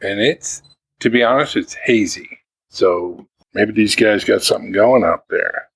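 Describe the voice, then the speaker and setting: A man co-hosting a beer tasting podcast, chatting casually and telling relaxed stories. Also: fairly low pitch, unhurried, creaky, breathy edge. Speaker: co-host of a beer tasting show. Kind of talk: casual chat.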